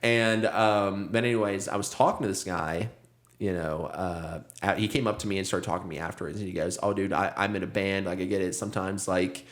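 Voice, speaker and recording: A man's voice: low voice, steady tone, fairly quick. A young man and stand-up comic, casual podcast storytelling, rambling and swearing, acting out what people said and laughing often. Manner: rambling, swearing, acts out quotes, laughs a lot. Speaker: comedian, podcast host.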